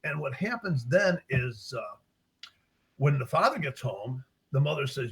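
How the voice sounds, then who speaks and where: A man's voice: medium pitch, unhurried, vocal fry, slightly rough, rough recording. An older man, an author, telling the story of his book in a casual interview, acting out his characters' voices as he goes. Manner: animated, acts out characters' voices while retelling his story.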